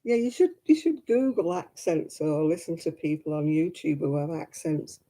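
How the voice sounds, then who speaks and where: Stream host, male, slightly high and very mellow, easy chatty delivery with frequent laughs. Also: moderate pace. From Manchester, England. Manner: chatty, laughs often, reads out viewer comments. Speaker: host of a crafting livestream. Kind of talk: casual chat answering viewers.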